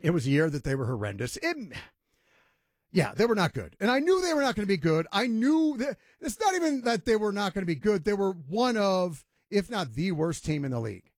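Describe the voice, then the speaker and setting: A man's voice: high voice, big pitch swings, brisk, no room sound, clean studio sound. A man hosting a sports talk radio show, ranting emphatically and mocking others in voiced quotes.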